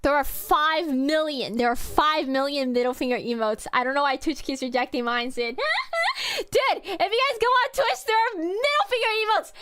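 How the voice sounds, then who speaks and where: A young woman VTuber chatting casually while gaming, excitable, swearing a lot and laughing often. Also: high-pitched, normal speed. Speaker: VTuber streamer. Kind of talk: casual gaming stream chat.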